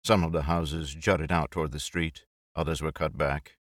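Deep-voiced male audiobook narrator; measured, expressive, very dry close read. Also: no room sound.

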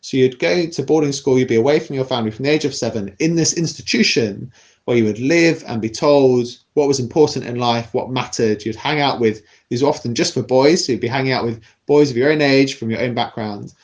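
A man with a posh British accent explaining a topic in a thoughtful, measured podcast conversation, often restarting his sentences. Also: medium pitch. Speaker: podcast guest explaining class.

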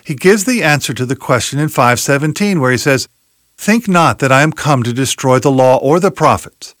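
Emphatic preacher with lively pitch. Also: male voice, moderate pace, dry recording, studio quality. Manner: emphatic, rhetorical questions, quotes scripture. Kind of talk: expository sermon.

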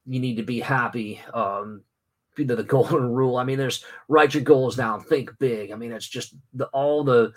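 Man, father, casual vlog, rambling, lots of fillers, mid-pitched voice. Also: fairly bright tone. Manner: rambling, many fillers and restarts. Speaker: father and vlogger. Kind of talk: casual talking-head vlog.

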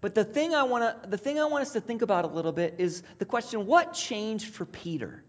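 A pastor preaching a sermon in a reflective storytelling way, asking questions aloud and dropping to a soft near-whisper for quoted words. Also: medium pitch, animated, fast talker.

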